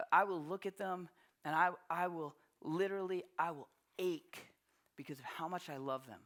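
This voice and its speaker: A man's voice: on the high side, a little slow, fairly bright tone. Conversational man preaching a sermon. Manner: conversational, storytelling, frequent restarts. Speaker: pastor.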